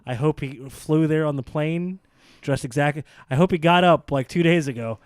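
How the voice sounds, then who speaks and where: A man co-hosting a casual wrestling podcast, sarcastic and quick to act out mock quotes in silly voices. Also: fairly high pitch, clear, resonant tone, no echo, clean studio sound. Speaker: podcast co-host.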